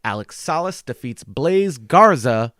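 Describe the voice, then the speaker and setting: A man's voice: medium pitch, very animated, unhurried, a bit bright, dry recording, studio quality. A man co-hosting a casual sports podcast, joking around and reading out match results. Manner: joking, reads results in an announcer voice. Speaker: podcast co-host.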